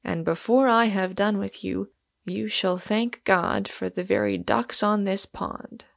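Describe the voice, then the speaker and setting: A woman's voice: mid-range voice, fairly even intonation, measured pace, creaky, no room sound, clean studio sound. A woman voicing a stern, roguish young man who speaks with severe, mocking authority, in a storybook reading.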